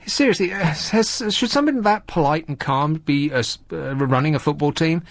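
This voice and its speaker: A man's voice: on the high side, brisk, hardly any pauses, dry recording. A man hosting a radio show, talking in a casual comic monologue full of sarcastic, mocking asides. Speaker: radio host.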